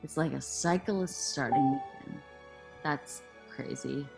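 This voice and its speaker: A woman's voice: rumbling low, a little slow, vocal fry, over music. A young woman, drunk, loosely retelling a play in slang and swearing as she acts out the characters' lines. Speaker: drunk narrator. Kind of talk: tipsy comic retelling of a play.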